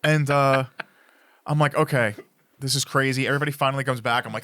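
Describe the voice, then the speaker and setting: A man's voice: medium pitch, fast, dry recording. A man on a podcast telling a funny story in casual chat, laughing as he goes. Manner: animated, laughs through his story. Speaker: podcast co-host.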